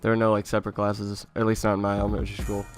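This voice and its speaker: A YouTuber, a young man with a fairly low voice, rattles off a funny childhood story to his viewers at a very fast clip. He laughs often and swears a little as the animated anecdote unfolds, with soft music playing behind him.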